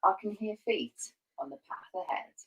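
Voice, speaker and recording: A woman's voice: medium pitch, flat delivery, moderate pace, fairly bright tone, voice pushed up, rough recording. A woman voicing a big, gullible male monster in a read-aloud story, in a plain storytelling delivery. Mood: wary.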